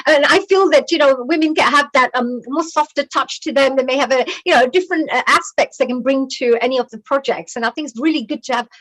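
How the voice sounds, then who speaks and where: Woman host, gushing and warm in praise, bright high voice. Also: quick pace, few pauses, poor audio. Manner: effusive and full of praise. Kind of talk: casual interview chat.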